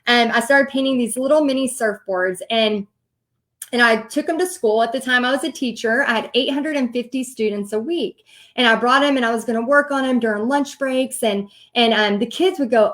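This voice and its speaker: A woman in her thirties telling her own story in a casual, animated way, with many fillers and restarts. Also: on the high side, moderate pace. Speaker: host, paint party teacher.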